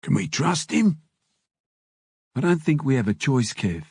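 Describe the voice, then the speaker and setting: A man voicing a calm, stubborn, beaten-up male prisoner leader, with a dark husky voice. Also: mid-range voice, unhurried, no room sound, clean studio sound, pitched above the performer's own voice, exaggerated voice. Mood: stoic. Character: battered male prisoner gang leader, stoic.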